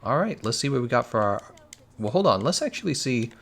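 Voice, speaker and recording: A man's voice: medium pitch, very animated, a little fast, vocal fry, fairly bright tone. A man streaming a video game, talking casually and playfully bossing players around. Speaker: gaming streamer. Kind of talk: casual live-stream commentary.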